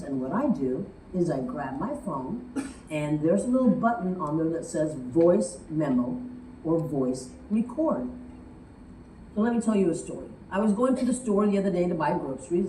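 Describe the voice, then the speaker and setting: A woman giving a speech-writing lesson, telling stories and acting out quotes. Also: medium pitch. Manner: lively storytelling, acts out quotes. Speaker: public speaking coach. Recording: roomy, distant from the mic, faint noise.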